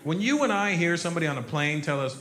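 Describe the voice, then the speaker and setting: A man doing a stand-up comedy routine, telling an animated story and shouting out sound effects. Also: a little high, fast talker. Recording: echoey live room, faint noise.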